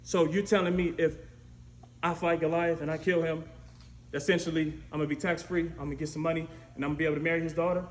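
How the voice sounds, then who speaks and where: A preacher acting out eager young shepherd hero. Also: male voice, fairly high pitch, fast, a little hiss or hum, close to an everyday voice. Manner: excited, street-casual speech.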